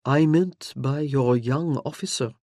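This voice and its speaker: An audiobook narrator voicing a gentle, tender French nobleman who speaks low and slowly with a French accent. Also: no echo, clean studio sound, lightly acted. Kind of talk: audiobook character voice.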